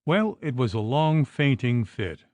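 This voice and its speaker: A man narrating an audiobook in expressive, unhurried storytelling. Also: medium pitch, no echo. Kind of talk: scripted narration.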